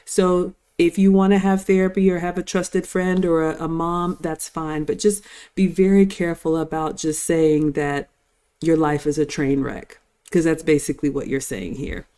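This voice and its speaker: A woman's voice: lowish voice, dark tone. An older woman hosting a live-stream reaction, commenting and giving advice to viewers in a lecturing tone. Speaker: host.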